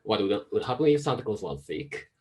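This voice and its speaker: A man's voice: fairly low pitch, fairly quick. A man with a Japanese-Chinese-American accent, a doctor giving a science talk over a video call. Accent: Japanese, Chinese and American mix. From Japan, raised in Hong Kong. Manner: steady explaining, careful phrasing. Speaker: guest speaker, medical doctor.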